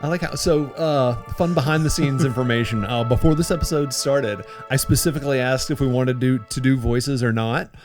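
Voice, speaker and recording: A man's voice: medium pitch, brisk, few pauses, music in the background. A man hosting a comedy let's-play, chatting casually and laughing while he plays. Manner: laughing, self-deprecating, lots of fillers. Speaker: host playing the game.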